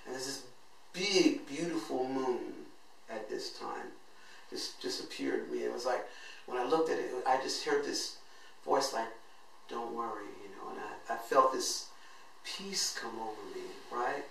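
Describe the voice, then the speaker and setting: A man's voice: mid-range voice, measured pace, vocal fry, a bit bright, a little hiss or hum. A man earnestly telling his own life story as host, acting out what he said back then. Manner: earnest and emotional, acts out his own past words. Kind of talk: personal storytelling monologue. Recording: echoey room, voice from a distance.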